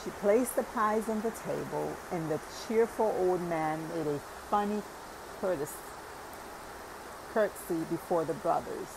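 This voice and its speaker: A woman narrating a parable audiobook at a slow, deliberate pace. Her low voice carries a gravelly fry, with a faint hiss of noise behind. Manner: deliberate reading with occasional self-corrections. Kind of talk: scripted narration.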